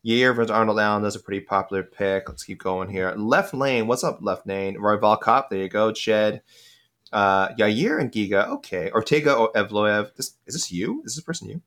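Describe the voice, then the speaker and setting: Rambling low-voiced male podcast host. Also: lively intonation, a bit bright. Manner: quick, rambling, self-interrupting with many fillers. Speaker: podcast co-host reading listener picks. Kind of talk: casual sports chat.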